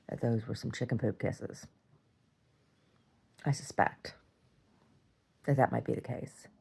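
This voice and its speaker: A woman's voice: extremely low pitch, gravelly, darkish tone, slightly rough. A woman rambling through a casual, self-deprecating video diary at home. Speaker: video diarist.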